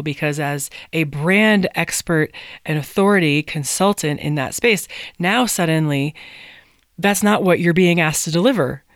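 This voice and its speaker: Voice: medium pitch, no room sound, studio quality. A podcast host asking long, thoughtful, probing questions. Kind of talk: interview questions.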